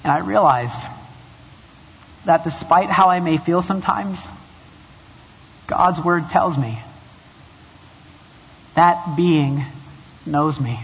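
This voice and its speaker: A man's voice: on the high side, takes it slowly, pauses often, a bit bright, husky. A man preaching a chapel sermon, joking about himself before turning earnest and emphatic. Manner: self-deprecating humor, building to earnest emphasis. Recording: dull recording in a long-echo hall.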